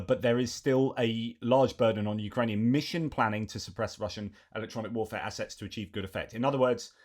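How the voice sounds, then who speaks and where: A man's voice: lowish voice, darkish tone. A man giving casual news commentary, chatty and reeling off lists with frequent fillers.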